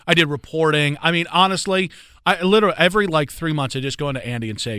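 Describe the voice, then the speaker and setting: A male sports radio host as an interview guest, telling quick, animated stories in casual chat. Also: a little high, clean tone, no room sound, studio quality.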